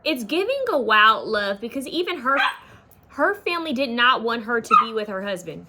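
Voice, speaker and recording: A woman's voice: fairly high pitch, very animated, moderate pace, background noise. A woman giving a casual pick-a-card tarot reading, rambling and full of fillers, often trailing off mid-thought. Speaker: tarot reader.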